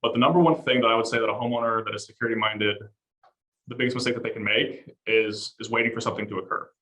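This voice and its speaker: Male security salesman on a panel, quick and eager, bright-voiced. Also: mid-range voice, fairly even intonation, poor audio. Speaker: home security sales guest. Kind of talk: panel conversation.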